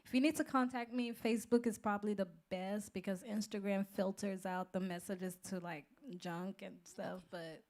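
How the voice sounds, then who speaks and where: A woman's voice: medium pitch, fairly even intonation, normal speed, hardly any pauses, a little mellow. A woman guest talking casually, a bit unsure and giggling now and then. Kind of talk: casual chat.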